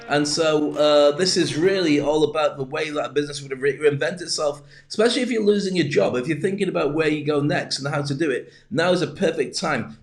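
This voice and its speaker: A man hosting a casual live business show, talking in a chatty, rambling way with jokey asides. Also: a little high. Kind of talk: casual livestream monologue. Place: home in the UAE.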